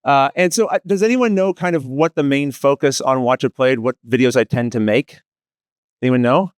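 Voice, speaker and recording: In a clear, resonant mid-range voice at normal speed, a Maritimes-accented Canadian man gives an energetic conference panel talk. He pokes fun at himself, jokes around, and quizzes the audience, drawing on his background making tutorial videos. There's no room sound, and the quality is studio-grade.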